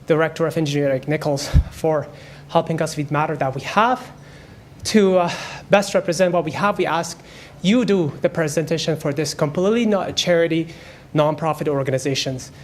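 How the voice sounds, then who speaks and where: Man giving a halting, polite address to council. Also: a little high, a little hiss or hum. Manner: halting, polite, non-fluent phrasing. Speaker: festival delegate. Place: council chamber. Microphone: podium microphone.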